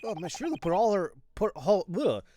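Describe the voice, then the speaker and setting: A man's voice: high-pitched, brisk, slight background noise. A man chatting casually and joking while streaming a game. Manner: joking, animated. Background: game music.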